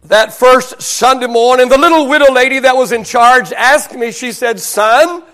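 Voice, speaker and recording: A male pastor from Oklahoma telling a story in a sermon, animated and self-deprecating, often restarting his sentences. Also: extremely high pitch, moderate pace, smooth.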